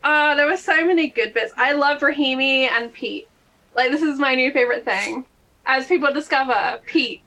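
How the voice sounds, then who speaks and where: A woman tabletop game player chatting in an upbeat, quick way. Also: sits high, sharp tone. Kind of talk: casual chat about a tabletop game.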